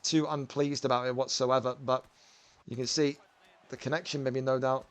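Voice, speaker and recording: A man's voice: mid-range voice, flat delivery, normal speed, clear, resonant tone. A man hosting and commentating a video game fighting event, chatty and bantering as he rambles through the action. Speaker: commentator and host.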